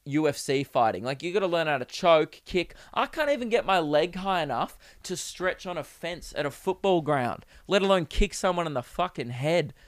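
A young man hosting a comedy podcast, riffing in a profane, laughing, animated way. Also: on the high side, moderate pace, hardly any pauses, dry recording, clean studio sound. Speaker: podcast host. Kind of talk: solo comedy podcast rant.

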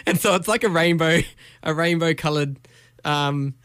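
A man's voice: fairly high pitch, unhurried, fairly bright tone, smooth, dry recording. A man co-hosting a radio show, teasing and reading aloud with mock drama. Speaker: co-host. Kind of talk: casual radio chat.

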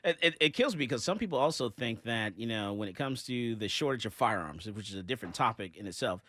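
A man's voice: lowish voice, animated, fast talker, a bit bright, a little hiss or hum. A man hosting a talk radio show, joking loosely and reading listener comments aloud. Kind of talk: casual talk radio banter.

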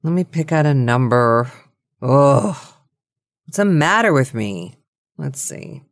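A woman's voice: rumbling low, lively intonation, takes it slowly, no room sound. A middle-aged woman hosting a cold-call podcast, chatty and playful, laughing often and nervous about calling strangers. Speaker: podcast host.

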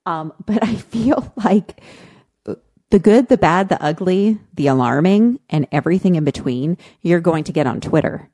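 Woman, podcast co-host, impassioned storytelling, low pitch, mellow tone. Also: expressive, moderate pace. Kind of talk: casual podcast chat.

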